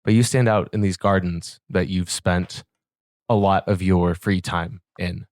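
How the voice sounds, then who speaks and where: A man narrating a tabletop game as game master with slow, descriptive scene-setting. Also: sits low, creaky, a little mellow, no room sound, studio quality.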